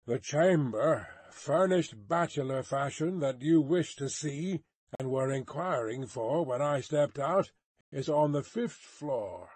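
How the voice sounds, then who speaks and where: A man's voice: a little high, lively intonation, takes it slowly, darkish tone, breathy edge, no room sound, heavily acted. A man voicing a guarded wine-shop keeper.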